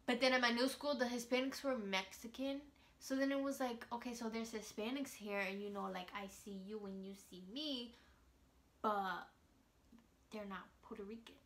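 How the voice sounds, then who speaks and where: A woman's voice: fairly high pitch, normal speed, fairly bright tone. A woman talking casually to her vlog audience in an outspoken, emphatic way, with plenty of slang. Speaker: vlogger.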